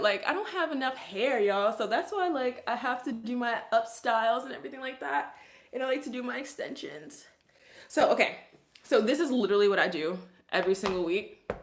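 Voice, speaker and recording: A woman's voice: a little high, a bit bright. Chatty Brooklyn woman, echoey room. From Brooklyn, New York. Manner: chatty, many "like"s, laughs often. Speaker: curly hairstylist and vlogger. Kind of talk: casual livestream tutorial.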